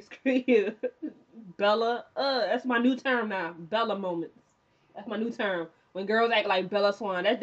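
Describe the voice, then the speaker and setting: A young woman casually recapping a TV episode, chatty and animated, often acting out the characters' lines. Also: a little high. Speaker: TV recap vlogger. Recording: dull lo-fi recording.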